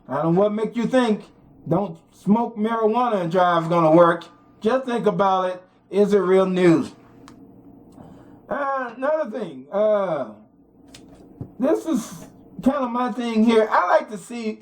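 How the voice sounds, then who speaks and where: A host delivering an opinion monologue in a rhetorical, repetitive way, often urging listeners to think about it. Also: medium pitch. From United States. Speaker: commentary show host.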